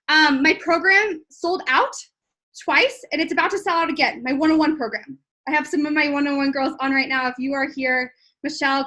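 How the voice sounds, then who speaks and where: A woman in her twenties, a business coach talking excitedly to viewers in a live stream, gushing with lots of likes and ums. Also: high voice. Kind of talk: live-streamed sales talk.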